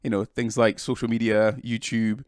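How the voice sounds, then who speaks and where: A man's voice: on the low side, level tone, normal speed, a little mellow, smooth, dry recording, clean studio sound. A man with a British accent, a guest on a casual podcast, who has a cold and talks hesitantly with many restarts. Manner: hesitant, restarts often, self-deprecating. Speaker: interview guest, videographer.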